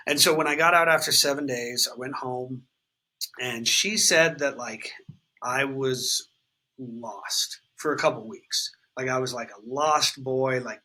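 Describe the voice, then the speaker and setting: A man in his thirties tells his story to an interviewer in a raw, unfiltered way. His voice is bright and forward, with a husky edge. He talks loosely, with plenty of fillers and casual swearing. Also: mid-range voice, rough recording. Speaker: guest sharing his recovery story. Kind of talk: candid conversational storytelling.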